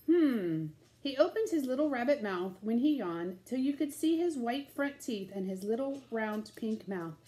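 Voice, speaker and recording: A woman reading a children's story aloud in a gentle, sing-song, slow way. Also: a little high, lively intonation.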